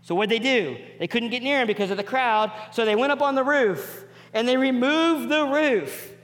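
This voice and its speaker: A male pastor preaching a sermon, acting out the people in the story with quick voice changes and dropping to quiet emphasis on key points. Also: extremely high pitch. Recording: long hall reverb.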